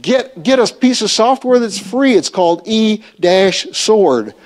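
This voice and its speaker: A man's voice: high-pitched, expressive, unhurried. A man teaching a church Bible study in a conversational way, asking the audience questions.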